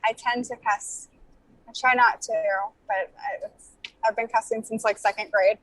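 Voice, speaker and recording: A woman's voice: fairly high pitch, fairly even intonation, moderate pace, fairly bright tone, no room sound, poor audio. A woman in her thirties, a podcast guest chatting casually, laughing and filling her talk with "like". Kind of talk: casual chat.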